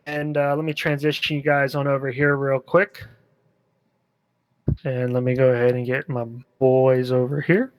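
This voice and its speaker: A man narrating a tabletop game as game master, in a relaxed, rambling way with many fillers. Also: medium pitch, moderate pace, smooth, no room sound, low-quality recording.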